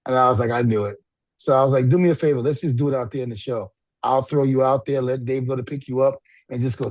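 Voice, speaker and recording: A man's voice: on the high side, normal speed, long pauses, no room sound. A middle-aged man and retired wrestler casually telling backstage stories, acting out quotes with lots of fillers. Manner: animated storyteller acting out quotes, frequent fillers. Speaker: podcast co-host, retired wrestler. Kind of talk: casual storytelling.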